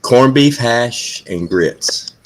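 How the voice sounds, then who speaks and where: A man's voice: medium pitch, lively intonation, very slow. A man hosting a casual livestream chat, telling food stories with casual swearing and emphasis. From American South. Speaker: livestream host.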